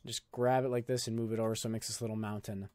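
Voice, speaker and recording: A man's voice: lowish voice, little pitch movement, fast talker, darkish tone, clear, resonant tone, no room sound. A young man hosting a casual screen-recorded video editing tutorial, talking in a loose, jokey, filler-heavy way. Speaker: YouTube tutorial host.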